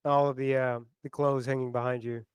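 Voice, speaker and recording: A man's voice: medium pitch, level tone, a little fast, clean tone, no room sound. A man co-hosting a casual podcast, teasing and joking with his co-host.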